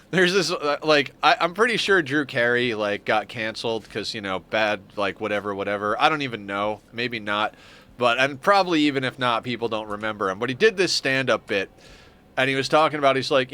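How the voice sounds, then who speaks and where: A man's voice: mid-range voice, moderate pace, pushed and bright. A man streaming a game, chatting casually in a rambling, profane way and laughing often. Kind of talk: casual gaming stream chat.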